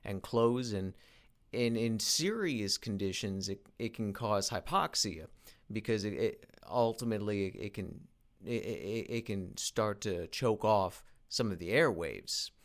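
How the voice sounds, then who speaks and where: A man talking through a reflective solo monologue, halting with frequent restarts and repeated words, earnest in tone. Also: fairly low pitch. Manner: earnest, self-motivating. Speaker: independent voice actor and producer.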